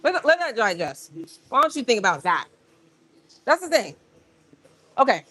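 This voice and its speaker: A woman hosting a casual livestream from a gym, talking straight to her viewers in an animated, rambling way. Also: fairly high pitch, moderate pace. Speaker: livestream host. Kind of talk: casual live-stream chat.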